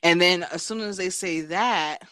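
Animated young woman, dry close sound. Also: on the low side, no echo. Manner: animated, acts out characters' lines in quick voices. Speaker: podcast co-host. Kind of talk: casual chat.

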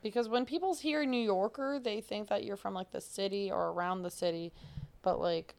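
A woman's voice: medium pitch, steady tone, normal speed, gravelly, darkish tone. A young woman from upstate New York with its accent, co-hosting a podcast in giggly, chatty casual talk. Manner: giggly, chatty, drifts off mid-sentence. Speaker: podcast co-host. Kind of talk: casual chat.

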